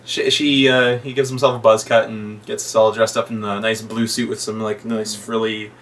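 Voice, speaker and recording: A man's voice: fairly low pitch, little pitch movement, normal speed, fairly bright tone. Man rambling through a movie plot, distant mic. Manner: rambling retelling, quoting characters in voices, laughs often. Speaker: podcast co-host. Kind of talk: casual movie review chat. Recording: distant mic with faint noise.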